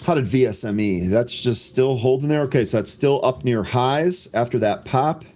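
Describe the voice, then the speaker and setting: A man co-hosting a live trading show, calling stock moves and timestamps in a brisk, dry way with the odd sarcastic aside. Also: medium pitch, a little mellow. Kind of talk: live market commentary.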